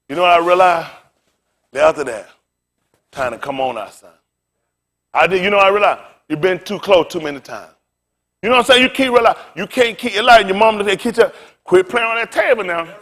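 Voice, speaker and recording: A pastor preaching with a rather high male voice, telling a story with loud, laughing outbursts. He is a middle-aged man whose delivery swings from hushed to shouted. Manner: animated, laughing, loud bursts.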